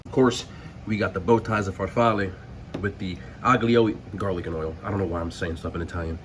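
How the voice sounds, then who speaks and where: Slightly fast and steady in tone, a young man with a low voice talks over slight background noise. As a food vlogger, he chats casually through his cooking and mukbang vlog, tossing in slang and asides and calling viewers y'all and bro.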